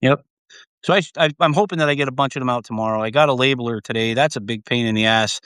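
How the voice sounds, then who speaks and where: A man's voice: medium pitch, fast, fairly bright tone, clear, resonant tone, dry recording, studio quality. A man hosting a livestream, talking in a casual, rambling way, swearing freely and laughing often. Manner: profane, laughs often, trails off and restarts. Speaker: livestream host.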